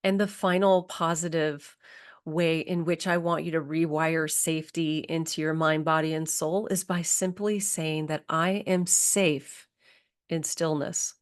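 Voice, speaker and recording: A middle-aged woman, a spiritual healing coach, guides listeners through a slow, soothing somatic exercise with affirmations. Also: low voice, fairly even intonation, clear, resonant tone.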